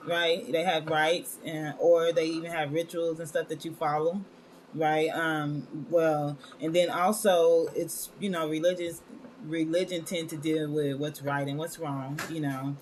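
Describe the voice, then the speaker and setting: A woman's voice: low voice, fairly even intonation, measured pace, darkish tone, slight background noise. A woman hosting a wellness live stream in casual chat, scattered and talkative, calling her viewers y'all. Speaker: wellness show host.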